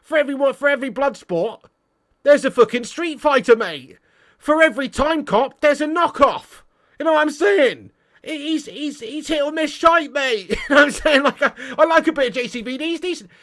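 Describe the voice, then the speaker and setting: A man with a fairly high voice hosts a football fan livestream in loose, casual chat. He rants, swears freely and banters with viewers as he reads out their comments. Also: normal speed. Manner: ranting, swearing, animated banter. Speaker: football fan channel host.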